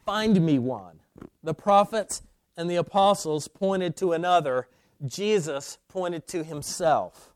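A man preaching a sermon, swinging between loud, emphatic declarations and hushed, low asides. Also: slow pace, clean tone, no echo. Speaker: pastor.

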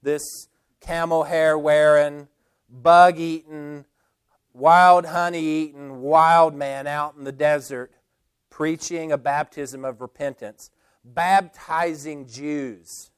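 A man's voice: fairly high pitch, steady tone, takes it slowly, clean tone. A man preaching a sermon in an earnest way, often repeating words as he restarts. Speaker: pastor.

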